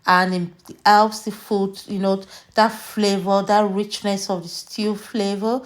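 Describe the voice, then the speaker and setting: A woman from Nigeria hosting a cooking vlog, chatty and unhurried, walking viewers through her dish. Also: mid-range voice, level tone. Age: adult, mother. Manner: slow, chatty, tastes food on camera and laughs. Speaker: cooking channel host. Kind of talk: casual cooking vlog narration.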